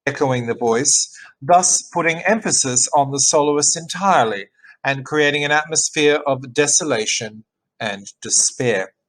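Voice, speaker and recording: A man reading a written music analysis aloud in an even, measured way, as a teacher. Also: on the high side, rough recording. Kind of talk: read-aloud academic narration.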